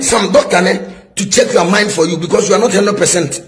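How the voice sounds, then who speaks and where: A man's voice: high-pitched, a little fast, rough recording. A man delivers a preaching-style rebuke, pressing his points again and again. He asks his listeners whether they get his point and repeats himself for emphasis. He sounds middle-aged. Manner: emphatic, repetitive, asks "is somebody getting my point?". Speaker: prophet.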